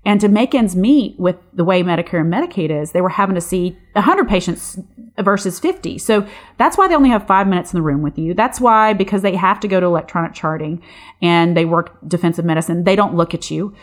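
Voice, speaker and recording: Frustrated, rambling nurse, lowish voice. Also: female voice, a little fast. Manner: passionate, frustrated, rambling with restarts. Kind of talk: casual chat.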